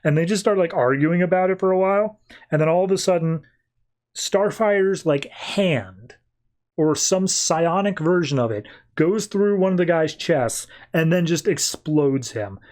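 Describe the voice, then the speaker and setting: A man's voice: fairly high pitch, expressive, unhurried, darkish tone. A man hosting a podcast, recapping a comic book in casual, chatty storytelling full of fillers. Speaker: podcast host.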